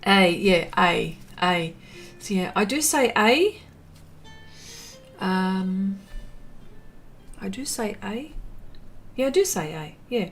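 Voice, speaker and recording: A woman's voice: medium pitch, expressive, slow pace, pauses often, soft background music. Woman, Australian accent, leisurely pace, casual livestream chat, rambling, reads comments aloud. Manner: chatty, rambling, reads viewer comments aloud with many fillers. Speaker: livestream host. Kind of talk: casual chat while painting, reading comments.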